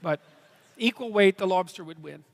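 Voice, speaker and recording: A man answering audience questions on stage, thinking aloud in halting phrases with a dry sense of humor. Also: sits high, gravelly, in a large hall. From Canada. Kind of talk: live on-stage Q&A. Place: large theatre stage.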